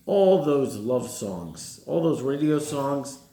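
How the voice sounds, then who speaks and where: Gravelly-voiced male rabbi preaching. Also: mid-range voice, sing-song, slow, mellow. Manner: poses rhetorical questions to the listeners. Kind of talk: sermon. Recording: roomy echo.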